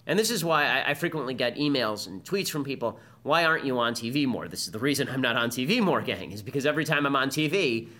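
A man's voice: mid-range voice, sharp tone. A man hosting a podcast, delivering combative political commentary as a monologue. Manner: combative, fast-talking monologue. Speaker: podcast host.

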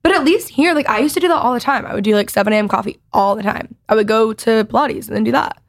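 A woman in her twenties from Texas with a Valley Girl accent, hosting a podcast in loud, chatty casual talk full of "like". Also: fairly high pitch, fast. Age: 20s. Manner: chatty, says like a lot, lively. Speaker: podcast host. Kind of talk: casual chat.

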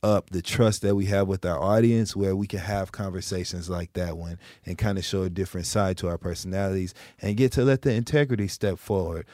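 A man co-hosting a podcast in casual chat, animated and laughing as he retells jokes. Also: sits low, a little fast, few pauses, no echo, studio quality. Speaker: podcast co-host.

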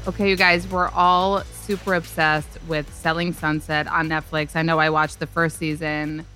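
A woman hosting a gossip podcast, excitable and casual, filling her sentences with "like.". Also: low voice, moderate pace, faint music behind. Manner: excitable, fills her talk with "like". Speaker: podcast host.

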